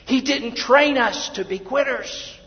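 A man preaching a fervent sermon as pastor of a church, swinging from shouted lines to hushed asides. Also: very high voice, takes it slowly. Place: church sanctuary. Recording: dull, lo-fi, with long hall reverb.

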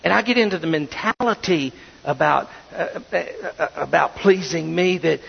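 A man preaching a sermon as pastor, swinging between loud bursts and hushed asides. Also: fairly high pitch, unhurried, creaky, husky. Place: church sanctuary. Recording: dull, reverberant sanctuary audio.

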